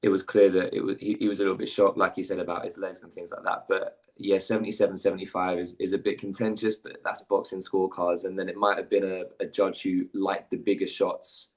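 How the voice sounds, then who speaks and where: A British man with a very low, flat voice gives careful, hedging analysis. He is methodical and weighs both sides. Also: fast, hardly any pauses. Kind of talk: measured casual analysis.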